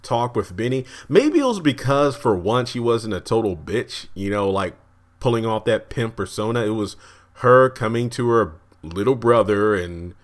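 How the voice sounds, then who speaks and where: A man's voice: lowish voice, moderate pace. Man rambling through a TV review. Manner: rambling, animated, chuckling, frequent restarts. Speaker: TV episode reviewer. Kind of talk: casual video review.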